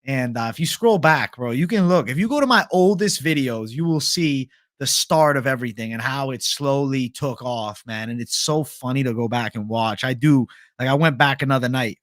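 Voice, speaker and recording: Reading out viewer comments on his live stream, this young host stays casual, talkative, and profane. His medium-pitched, fairly bright voice moves at a normal speed with hardly any pauses, and the studio recording is clean with no echo.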